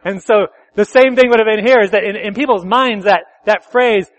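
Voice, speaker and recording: A pastor preaching a sermon at a church service, talking conversationally, correcting himself and asking the congregation questions. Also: male voice, high-pitched, normal speed.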